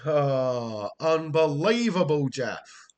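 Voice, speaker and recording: A man's voice: a little high, very animated, drawn-out words, a little mellow. Exasperated Welsh man commenting on gameplay. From Wales. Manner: exasperated, swearing, talking to himself.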